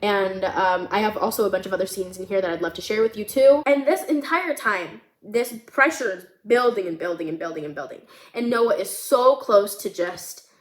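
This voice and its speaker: A woman vlogger talking casually and emotionally about her screenplay, with lots of "like" fillers. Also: mid-range voice. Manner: emotional, animated, many fillers like "like". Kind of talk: casual chat. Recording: roomy echo.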